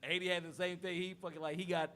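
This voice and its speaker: A man's voice: high-pitched, flat delivery, fast talker, sharp tone. A man co-hosting a podcast, telling stories in a laid-back, chuckling way. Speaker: podcast co-host. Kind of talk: casual storytelling chat.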